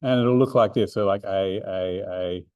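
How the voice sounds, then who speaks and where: A low-pitched man with a darkish tone speaks at a moderate pace in a dry recording. He is a maths learning centre coordinator in a room, drawing notes for an overhead camera while explaining a revision seminar step by step amid fillers and restarts.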